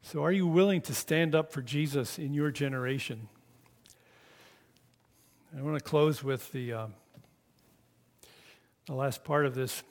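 A man preaching a sermon, telling the story slowly and dramatically in a reverberant church hall. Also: a little high. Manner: dramatic storytelling, slow and emphatic.

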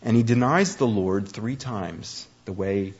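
Husky-voiced male preacher, lo-fi. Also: lowish voice, measured pace. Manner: animated storytelling, acts out quoted speech. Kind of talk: conversational sermon. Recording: dull lo-fi recording.

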